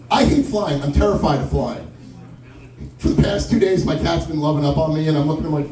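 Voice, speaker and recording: A man's voice: a little high, dark tone. A stand-up comedian, a man, telling self-deprecating, rambling stories on stage in a lounge. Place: wine lounge, live stage. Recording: roomy live room from far off.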